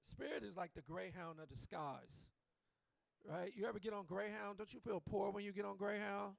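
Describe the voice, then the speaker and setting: A man's voice: high-pitched, moderate pace, gravelly, no echo. A man performing a live stand-up set on a comedy club stage, swearing freely and teasing the crowd. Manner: profane, loose, teasing the crowd.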